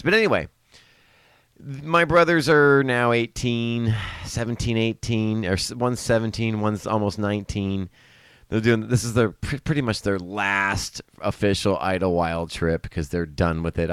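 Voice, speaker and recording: A middle-aged man with a deep, smooth voice shares family stories casually on a live stream, with no echo in the audio. He wanders off track, laughs frequently, and fixes his own details as he goes.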